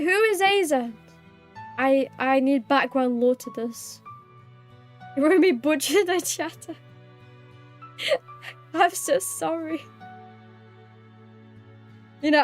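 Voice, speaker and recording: Bubbly high-voiced British streamer woman. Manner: bubbly, giggly, apologetic, reading chat aloud. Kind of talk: casual live-stream chat.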